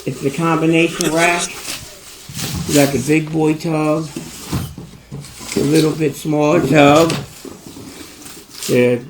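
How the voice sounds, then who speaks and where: A young man chatting loosely through an unboxing vlog in his home kitchen, often breaking into loud exclamations. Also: a little high, steady tone, slow, pauses often. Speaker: hobby snake breeder vlogger. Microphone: phone camera set across the room. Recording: echoey, distant and noisy room sound.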